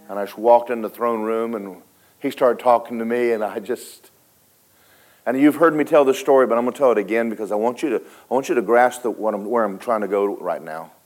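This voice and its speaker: A man preaching a sermon, telling a story dramatically, switching between loud and hushed and talking straight to the congregation. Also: on the low side. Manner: folksy, speaks to the congregation directly.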